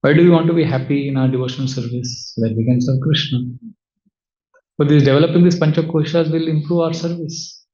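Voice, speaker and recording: A man teaching as a spiritual speaker, giving a devotional talk with audience questions in a measured way, asking rhetorical questions and answering them himself. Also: fairly high pitch, fairly even intonation, warm tone. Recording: roomy, slightly dull sound.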